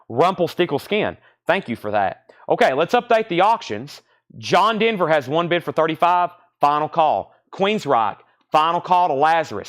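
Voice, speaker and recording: A man's voice: fairly high pitch, fairly bright tone. A man from the American South with a Southern accent, hosting a live-stream vinyl record sale from a record shop. He reads out album titles, bids and prices between chatty asides. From Southern United States. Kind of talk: live-stream auction chat.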